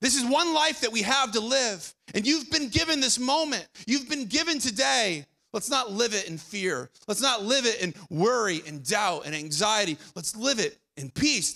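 A young man preaching a sermon as pastor, conversational, repeating phrases and dropping quiet for emphasis. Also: sits high, expressive, moderate pace, gravelly, hardly any pauses. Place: church auditorium.

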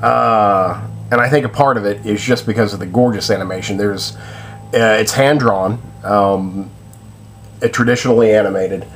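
A man with a fairly low voice talks through a casual film review. He hesitates often, restarting sentences and filling gaps with "uh" and "um". A faint hiss of noise sits under his voice. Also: fairly even intonation, normal speed. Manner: hesitant, many fillers and restarts.

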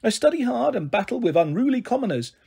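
Guy doing a little girl acting all royal as a fairy queen, husky soft voice. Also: very high-pitched, big pitch swings, fast, voice pushed up, heavily acted. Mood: grandly pretending. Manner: grand, pretend-regal. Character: young girl pretending to be a grand fairy queen.

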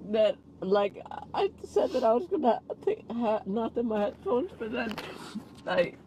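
A woman from Iceland in a private argument, speaking in a halting, hesitant, pleading way. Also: a little high, big pitch swings, noisy background.

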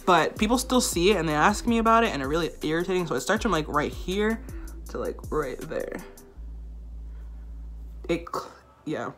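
A woman's voice: on the low side, expressive, normal speed, long pauses, fairly bright tone, faint music behind. A young woman telling a storytime straight to camera in a casual, chatty way, leaning on "like" as she talks to her viewers. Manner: chatty, says "like" often, speaks straight to viewers. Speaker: vlogger.

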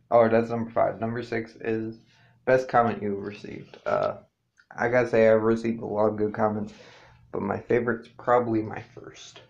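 A man talks through a casual vlog with a low, gravelly voice. He rambles and swears freely and keeps circling back to correct himself. The recording is dull and lo-fi. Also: a little mellow. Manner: rambling, loose and profane, with many fillers and self-corrections. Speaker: YouTuber answering a tag questionnaire.

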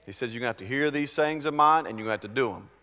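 A male pastor delivering a sermon, swinging between loud, emphatic preaching and quiet, conversational storytelling. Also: medium pitch, rapid-fire, big-room sound.

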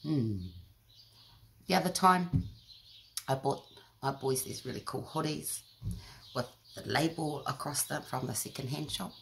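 A woman's voice: low-pitched, a little slow, vocal fry, long pauses, a little hiss or hum. A middle-aged woman with a New Zealand accent, telling self-mocking stories in a chatty vlog. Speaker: vlogger. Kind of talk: casual storytelling to camera.

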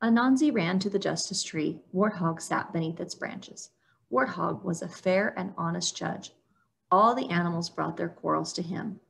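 Gravelly woman reading a storybook. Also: lowish voice, normal speed. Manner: steady storytelling. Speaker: storytime reader. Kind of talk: reading a picture book aloud.

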